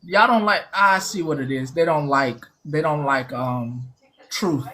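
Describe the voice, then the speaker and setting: A woman's voice: sits low, a little slow, a bit bright. A woman hosting a casual live-stream commentary, mocking and preachy, hammering her points home by repeating phrases. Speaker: host.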